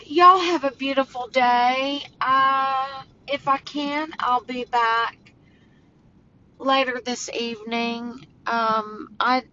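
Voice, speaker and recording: A woman talks into her phone while walking home outside. She speaks slowly and haltingly in a bright, slightly high voice. The audio is dull, with faint traffic behind her. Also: fairly even intonation. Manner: slow, halting, emotional rants. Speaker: vlogger. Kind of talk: casual vlog talk. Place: walking outdoors near home.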